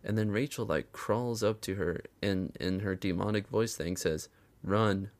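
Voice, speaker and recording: A man's voice: lowish voice, normal speed, darkish tone. A man giving casual, profane recap commentary, sarcastic and chuckling often.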